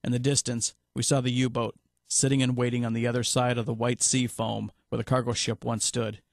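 A man podcast host narrating a first-person adventure story in a steady way, with music playing underneath. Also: mid-range voice, brisk, creaky, no room sound.

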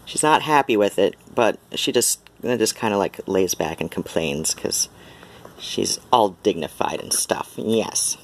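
A man at home filming his cats, talking to them in a soft sing-song baby talk. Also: on the low side, expressive, a little slow, gravelly. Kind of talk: casual cooing talk to pets. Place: home indoors. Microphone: handheld camera.

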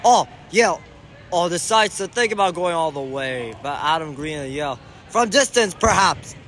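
A man giving excited sideline commentary on an amateur indoor soccer game, shouting and groaning at the plays and calling out to the referee. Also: on the high side, moderate pace, a faint crowd, slight background noise.

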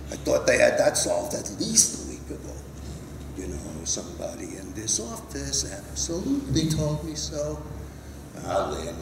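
Storybook studio boss, male, fed up, grumbling and animated, read by a man; echoey hall. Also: medium pitch, gravelly, background noise, exaggerated voice. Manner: exasperated, grumbling. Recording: roomy hall, mic at a distance.

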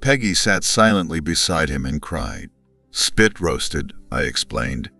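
A man's voice: rumbling low, big pitch swings, moderate pace, gravelly, sharp tone, no echo, soft background music. A man narrating a first-person story in a cold, sarcastic manner.

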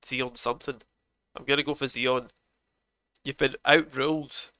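A young man streaming a game show video game, chatting with his viewers, excitable and swearing a lot. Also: mid-range voice, measured pace. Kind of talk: casual live gaming commentary. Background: game music.

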